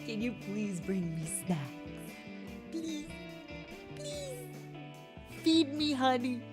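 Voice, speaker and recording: A woman streamer chatting playfully, teasing her viewers as honey and swinging between loud mock-dramatic outbursts and soft murmurs. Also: fairly high pitch, very animated, a little slow, over music. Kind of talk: playful solo stream chat.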